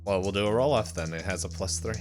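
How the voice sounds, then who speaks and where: Laughing low-voiced game master. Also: male voice, fast talker, over music. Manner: laughing, relaxed. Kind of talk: casual tabletop game narration.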